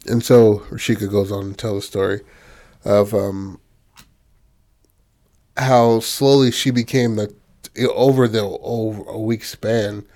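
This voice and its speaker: A man's voice: on the low side, fairly even intonation, a little slow, long pauses, darkish tone. A man casually retelling a story in loose, rambling talk, full of fillers and profanity. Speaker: filmmaker describing his film. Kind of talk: casual chat.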